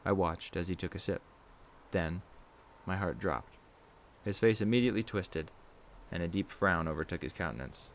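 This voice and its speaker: A man with a very low, deep voice narrates a horror story in the first person, reading at a steady, measured pace. A faint hiss sits under the recording.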